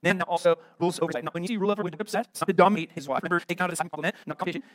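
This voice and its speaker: A middle-aged American pastor preaching a sermon, emphatic and full of rhetorical questions. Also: male voice, sits high, very fast, no room sound.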